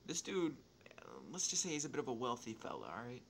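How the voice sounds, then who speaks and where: A young man tells a story in a loose, rambling way, swearing almost every sentence and stopping to correct himself. His voice sits at an ordinary pitch and jumps in loudness when he gets excited. Faint noise hums underneath. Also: gravelly. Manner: profane, rambling, restarts and asides; excitable, quick swings in loudness. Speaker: YouTuber telling a story. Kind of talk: casual storytelling over gameplay.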